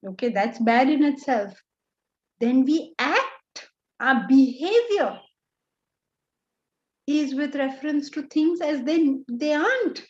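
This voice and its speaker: Indian lady teacher, high voice, scolds and asks lots of rhetorical questions, kinda muffled lo-fi sound. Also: expressive, slow, long pauses. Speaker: Vedanta teacher. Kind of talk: lecture to students.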